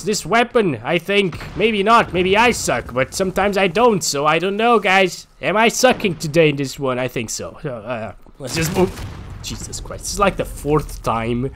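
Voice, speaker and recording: A man giving live gameplay commentary as host of a gaming channel, excitable and swinging between muttering and frustrated shouts. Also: fairly high pitch, unhurried, slight background noise.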